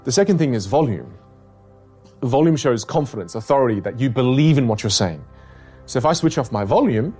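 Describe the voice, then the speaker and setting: A young man talks as a communication coach in an interview. He is animated and theatrical, demonstrating points by reshaping his own voice. Faint music plays underneath. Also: medium pitch, a little fast, slightly rough. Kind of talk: podcast interview, demonstrative teaching.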